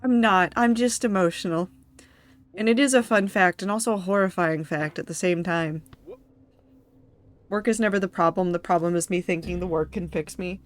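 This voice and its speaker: A woman's voice: lowish voice, steady tone, a little fast. Emotional woman streamer talking to chat. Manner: emotional, tearful and laughing, talks to chat. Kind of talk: casual live-stream commentary.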